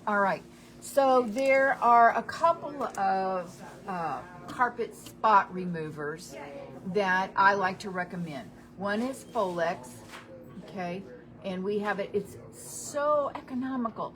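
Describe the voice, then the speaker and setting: A woman's voice: mid-range voice, animated, takes it slowly, fairly bright tone. A middle-aged woman, hosting a home-advice radio show in a chatty, practical, down-to-earth way. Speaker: hardware store radio show host.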